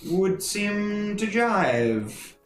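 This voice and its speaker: A man's voice: high voice, sing-song, drawn-out words, reverberant. A man co-hosting a casual podcast review of a TV episode, chatty and joking, with some swearing. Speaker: podcast co-host.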